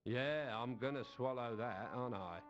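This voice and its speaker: A man's voice: mid-range voice, moderate pace, lightly acted. An actor playing a suspicious, sardonic city watchman in a video game. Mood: wary. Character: skeptical cynical male city watchman. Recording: dull lo-fi game audio with clear music.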